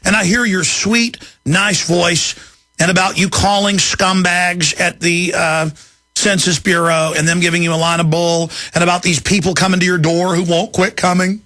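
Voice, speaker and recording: A man, hosting a talk radio show in an angry, emphatic rant that climbs into shouting. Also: high-pitched, steady tone, moderate pace, dry recording, clean studio sound. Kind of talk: ranting talk radio monologue.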